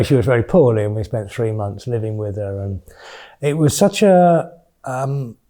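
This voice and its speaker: A man's voice: fairly low pitch, warm tone. A man in his fifties, a mindfulness teacher giving a candid, chatty retreat talk with blunt swearing. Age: 50s.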